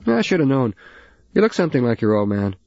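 A man voicing a gruff middle-aged father who is fixing a truck. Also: medium pitch, sing-song, quick pace, a little mellow, dry recording, lo-fi sound, voice pushed up.

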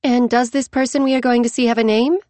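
A woman putting on a blithe, quick-witted young woman of the court, pitched up and bouncing with teasing energy. The audiobook voice sits close and dry. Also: very animated, a little mellow, dry recording.

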